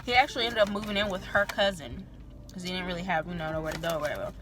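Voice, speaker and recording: A woman's voice: on the low side, very fast, music in the background. A young woman vlogger telling a candid personal story in a chatty, filler-heavy way, swearing freely.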